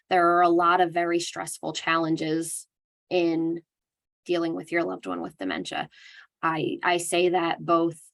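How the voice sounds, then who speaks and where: A young adult woman with a slightly low voice delivers a dementia care lesson. She talks in an earnest, conversational way and acts out the kind, validating phrases she recommends. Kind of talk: educational talk.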